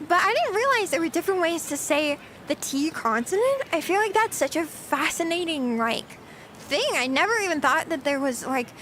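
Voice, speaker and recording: Answering questions as they come, a woman streamer chats in a giggly, talkative way with her live audience. Her high voice is a bit bright, and there's slight background noise.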